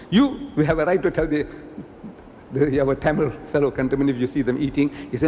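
Speaking fast in a large hall, a man from South Africa preaches in a public lecture, dramatizing the people he quotes with large pitch swings and lively delivery. The recording cuts off the highs and carries slight background noise.

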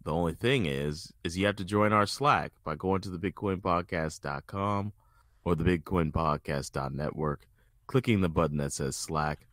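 A man with a very low voice co-hosts a podcast and delivers wrap-ups and plugs with wry dryness. The sound is close and dead, with no room at all. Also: normal speed, fairly bright tone, no room sound. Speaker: podcast host. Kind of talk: casual chat.

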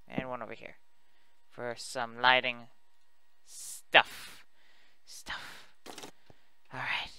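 Gravelly, bright-voiced chatty man. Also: mid-range voice, completely flat delivery, very slow, long pauses. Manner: rambling, chatty, self-mocking. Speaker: let's play host. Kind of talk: casual gameplay commentary.

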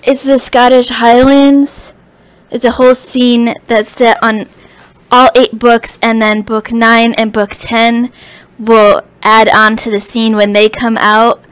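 A woman's voice: a little high, level tone, takes it slowly, smooth, no room sound. A woman, close to tears, gushing with thanks to friends in a casual vlog. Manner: tearful, gushing and grateful. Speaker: book vlogger. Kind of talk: emotional thank-you vlog.

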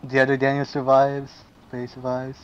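A man's voice: mid-range voice, completely flat delivery, moderate pace, muffled recording, a crowd in the background. A young man reading out game events to friends, laughing and swearing in surprise. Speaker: gaming video host.

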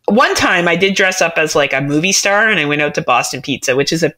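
Bright-voiced, laughing Canadian woman. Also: sits low, fast. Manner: laughing, animated storytelling. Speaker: podcast host. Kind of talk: casual interview chat.

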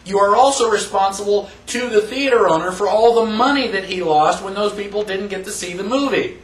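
Higher-voiced man lecturing in a roomy hall. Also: fairly quick, a little hiss or hum. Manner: emphatic, asks the audience questions. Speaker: constitution class teacher. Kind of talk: classroom lecture. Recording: roomy, distant mic.

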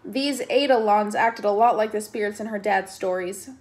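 A woman reading a novel aloud in steady narration, with occasional casual asides. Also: mid-range voice, moderate pace. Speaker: reader.

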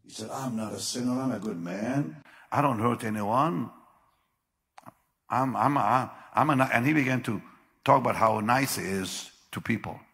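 An older man preaching a sermon, with sudden loud bursts and slow, drawn-out phrases. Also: medium pitch. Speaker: pastor. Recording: long hall reverb.

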